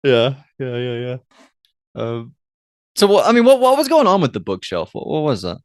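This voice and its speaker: A man's voice: mid-range voice, wildly swooping pitch, normal speed, no echo, studio quality. A man co-hosting a podcast, recapping a TV episode in casual chat, hesitant and trailing off, with many fillers. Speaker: podcast co-host.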